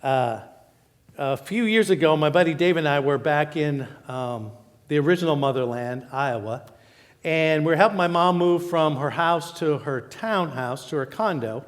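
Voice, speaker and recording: Pastor, male, a bit high, animated storyteller, live church hall with long reverb. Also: moderate pace. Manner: storytelling, animated, quotes people in raised voice. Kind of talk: sermon. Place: church auditorium.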